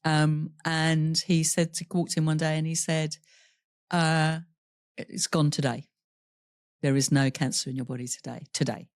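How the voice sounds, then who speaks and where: A woman's voice: sits low, level tone, measured pace, dry recording, studio quality. A woman guest on a podcast interview telling a personal story candidly, laughing through painful memories and acting out quoted dialogue. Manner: voices other people in quoted dialogue.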